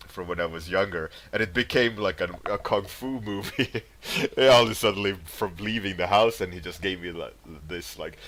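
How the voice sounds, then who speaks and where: Man, deep voice, bright tone, casual stream chat, rambling, faint noise. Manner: rambling, laughs often, reads chat names aloud. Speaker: livestreaming artist.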